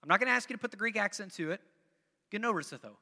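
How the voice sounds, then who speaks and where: High, bright-voiced preacher in a reverberant hall. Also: male voice, expressive, very fast, gravelly. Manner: conversational, repeats phrases for emphasis; coaxes the congregation to join in. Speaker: pastor. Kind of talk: sermon.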